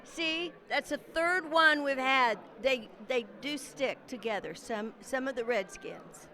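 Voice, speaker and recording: A woman's voice: sits high, slow, pushed and bright. A woman in her sixties interviewing guests on a red carpet at a class reunion, effusive and teasing. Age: 60s. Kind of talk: casual event interviews.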